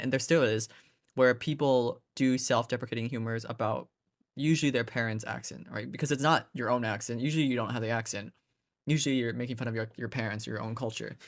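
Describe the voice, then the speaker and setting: A man hosting a commentary video, giving his opinion in a casual, chatty way with quick asides. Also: medium pitch. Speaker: commentary host.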